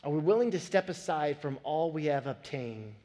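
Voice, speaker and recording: A man in his thirties preaching a sermon, telling a family story with animated, building emphasis. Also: on the high side, moderate pace. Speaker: pastor. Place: church sanctuary. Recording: long hall reverb.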